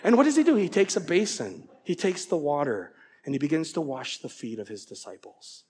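Animated man preaching a lively sermon. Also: on the high side, a little fast, breathy edge. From Korean family, raised in America. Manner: animated storytelling, many "right?" and "like". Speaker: pastor.

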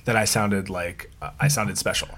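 A young man telling a story in casual chat, halting and self-deprecating. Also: low-pitched, steady tone, fairly bright tone.

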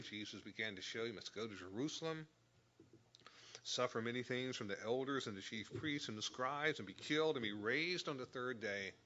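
A man's voice: mid-range voice, sharp tone, muffled recording. A man teaching a Bible lesson, explaining verse by verse and stressing key words. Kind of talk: sermon.

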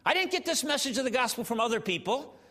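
A man's voice: very high voice, expressive, fast talker, pushed and bright, pitched above the performer's own voice, heavily acted. A man reading out the lines of an urgent, indignant apostle in raised, emphatic declamation. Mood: defensive. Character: urgent indignant male apostle writing a letter. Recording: long hall reverb.

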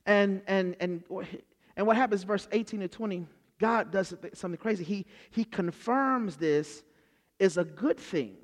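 A man preaching a sermon, retelling a story with lively, conversational energy and acting out the characters' lines. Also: sits high, normal speed. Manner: animated storytelling, acts out the characters. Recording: long hall reverb.

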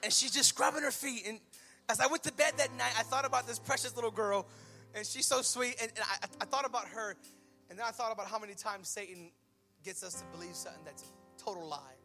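High bright-voiced impassioned male pastor. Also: fast, vocal fry, soft background music. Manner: impassioned, swings from loud to hushed. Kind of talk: sermon with storytelling.

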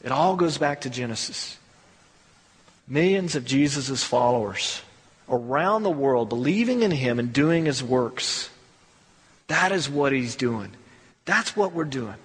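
A man preaching a sermon as pastor, conversational and animated, with acted asides. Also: mid-range voice, unhurried, breathy edge. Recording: long hall reverb.

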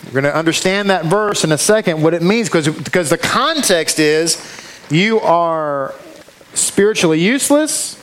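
High-voiced man preaching a sermon. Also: expressive, normal speed, fairly bright tone, poor audio. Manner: emphatic, rhetorical questions to the congregation. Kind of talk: sermon with scripture reading. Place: congregation with a control booth.

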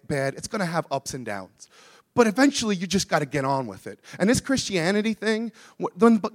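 A young adult man preaching a sermon as pastor, casual and animated, dropping slang asides between earnest points. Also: high-pitched.

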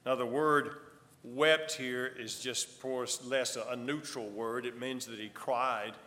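A man preaching a sermon as a pastor, emphatic and dramatic, swinging between loud declarations and hushed lines. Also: medium pitch, steady tone, a little slow. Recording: long hall reverb.

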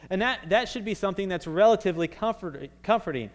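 A young man preaching a sermon in a relaxed, conversational way, with frequent fillers and restarts. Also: sits high, quick pace. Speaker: pastor. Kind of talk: casual sermon.

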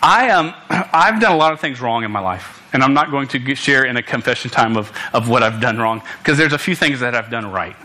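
A man's voice: mid-range voice, animated, fairly quick, hardly any pauses, pushed and bright. A young man preaching a sermon to a congregation in a room, earnest and direct, often stumbling and restarting his words. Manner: earnest, stammering restarts, punchy asides to listeners.

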